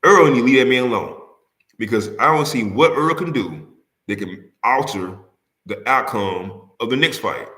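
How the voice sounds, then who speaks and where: A man's voice: mid-range voice, animated, moderate pace, bright, forceful tone, echoey room. A man hosting a casual sports talk livestream, arguing heatedly with rival fans, repeating himself and firing rhetorical questions at the audience.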